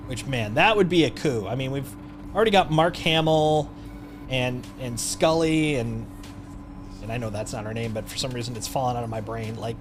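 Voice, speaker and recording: A man's voice: mid-range voice, moderate pace, over music. A man streaming a game live, chatting in a rambling, playful way with lots of jokes and self-restarts. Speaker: livestreamer. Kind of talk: casual gameplay commentary.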